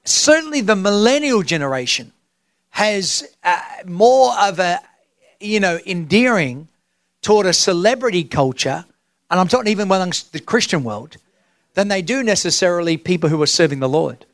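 A man's voice: high-pitched, very animated, moderate pace, fairly bright tone, no echo, studio quality. A middle-aged man preaching a sermon as senior pastor, emphatic and drawn out, asking the crowd rhetorical questions. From Australia.

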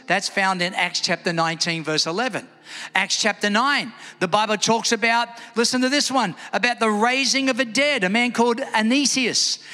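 A man preaching a sermon in a church hall, lively and calling on the congregation to respond. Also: high-pitched. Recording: echoey hall with faint music.

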